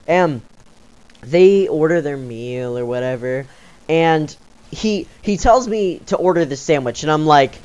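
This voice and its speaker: A man's voice: a little high, a little slow, a little mellow, clear, resonant tone, lo-fi sound. A young man telling a story in a casual vlog, rambling with many fillers and sounding exasperated. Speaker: YouTuber.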